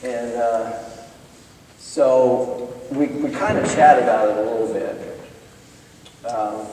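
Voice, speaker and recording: A middle-aged man from Iowa, a business professor speaking in chapel, telling a story with urgent bursts and hushed stretches. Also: medium pitch, slow, long pauses, a little hiss or hum. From Iowa, United States. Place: large chapel hall. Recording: echoey hall, voice from far off.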